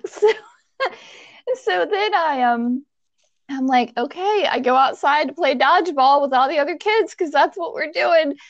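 A woman telling a childhood story in casual chat, animated, acting out the people in it with squeaky high voices and laughing at herself. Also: a little slow, dry recording, highs cut off. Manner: self-mocking, laughs while telling.

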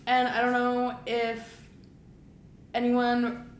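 A woman's voice: fairly high pitch, completely flat delivery, slow, slight background noise. A young woman co-hosting a podcast, chatting casually and animatedly. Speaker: podcast co-host. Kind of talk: casual chat. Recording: echoey room.

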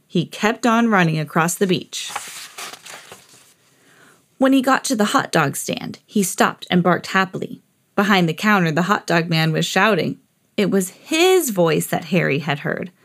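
A woman hosting a podcast, reading a children's picture book aloud in an expressive storytelling voice. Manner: expressive, jumps high for quoted characters. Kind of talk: read-aloud storybook narration.

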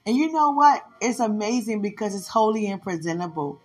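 A woman with a medium-pitched, slightly mellow voice and lively intonation hosts a podcast. Her affectionate, casual monologue is playful, full of laughter and drawn-out exclamations, and often breaks into prayer.

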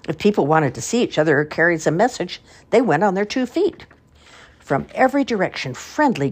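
An older woman with a husky voice reading a children's story aloud with expression. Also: deep voice.

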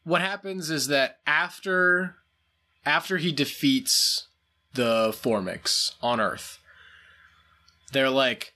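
A man co-hosting a podcast who talks at a medium pitch. He explains the science patiently, in a relaxed, casual tone, pausing on fillers as he goes. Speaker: podcast co-host. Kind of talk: casual chat.

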